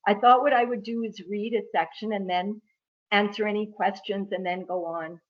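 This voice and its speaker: A woman from Ireland, a guest author, speaking and reading from her book in a measured, reflective way over a video call. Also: mid-range voice, fairly even intonation, highs cut off.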